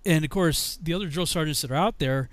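A man from Massachusetts casually telling a story, animated and laughing often as he acts out the people in it. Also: a little high, fairly quick, dry recording.

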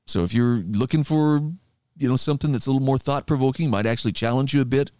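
A man's voice: medium pitch, quick pace, darkish tone, clear, resonant tone, no room sound, clean studio sound. A middle-aged man hosting a talk radio show, reflecting conversationally and reading articles aloud with emphasis.

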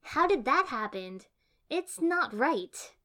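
A woman's voice: on the high side, lively intonation, normal speed, lightly acted. A woman voicing a brash, dramatic teenage girl who complains in emphatic, whiny outbursts. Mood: complaining.

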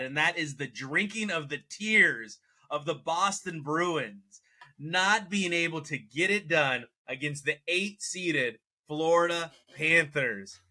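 A man hosting a casual sports podcast, teasing and excitable, gloating over rival teams. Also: fairly high pitch. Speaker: podcast host.

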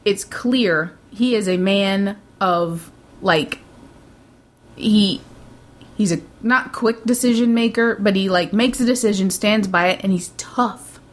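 Taking her time, a podcast co-host with a mid-range voice chats casually, giggling a lot and frequently leaving her sentences unfinished.

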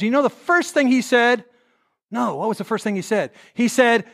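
High-voiced man preaching a story sermon. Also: brisk. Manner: storytelling, animated, acts out quotes. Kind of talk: conversational sermon.

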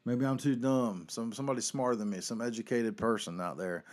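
A man from North Carolina, hosting his own podcast in a profane, ranting monologue that swings between yelling and muttering. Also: medium pitch, fairly quick. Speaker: podcast host.

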